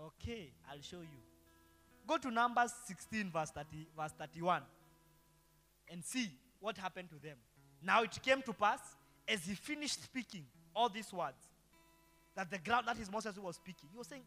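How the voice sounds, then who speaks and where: Male pastor, high bright voice, preaching in a reverberant hall over light guitar. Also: expressive, moderate pace. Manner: preaching with rhetorical call-and-response questions. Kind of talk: sermon.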